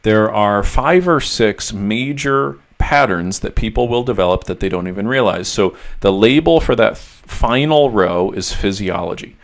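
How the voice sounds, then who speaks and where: A man's voice: fairly low pitch, moderate pace, hardly any pauses. A man working as a mental health coach, giving an instructional monologue and walking through steps one by one.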